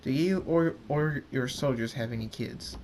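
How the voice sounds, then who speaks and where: A man voicing a loyal, blunt male dragon in a read-aloud fan story, with a casual, halting delivery. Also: mid-range voice, darkish tone, slight background noise, close to an everyday voice.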